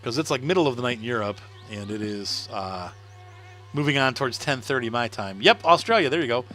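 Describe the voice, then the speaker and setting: Brisk and sharp in tone, with lively intonation and medium pitch, a middle-aged man chats casually on a game livestream. He laughs a lot and answers viewer comments as he plays.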